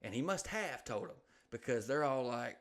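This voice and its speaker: A man's voice: mid-range voice, animated, moderate pace. A man co-hosting a podcast who tells crude, rambling stories, swears constantly and acts out the people in them. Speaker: podcast co-host. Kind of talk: crude casual storytelling.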